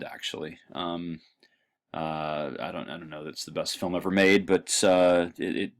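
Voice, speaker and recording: A male history lecturer giving a halting classroom lecture with lots of ums and uhs and a dry throat. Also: low-pitched.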